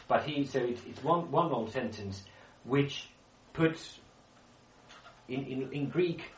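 A man's voice: medium pitch, slow, slight background noise. A man leading a Bible study group, explaining with questions to the group and frequent restarts. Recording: echoey room, speaker far from mic.

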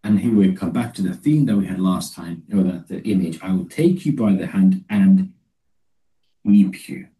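A man giving a Bible teaching talk, halting and restarting often, and reading scripture slowly and deliberately. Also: low-pitched, mellow, distant mic, rough recording. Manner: halting, with many restarts and fillers. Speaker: preacher.

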